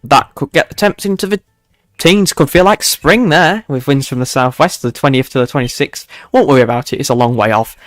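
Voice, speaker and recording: A young man hosts a relaxed livestream weather forecast, chatting with his viewers and poking fun at himself between chuckles. His voice sits in an ordinary middle pitch. It is recorded close and dry, with almost no room sound. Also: a little fast, no room sound. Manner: chatty, self-mocking, chuckles often and talks to his viewers.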